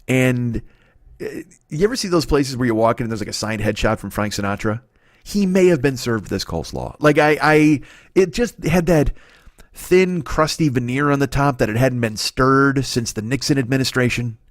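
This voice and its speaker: A man in his forties hosting a comedy podcast, telling a story in a profane, animated, exaggerating way. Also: mid-range voice, moderate pace, no room sound, clean studio sound. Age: 40s.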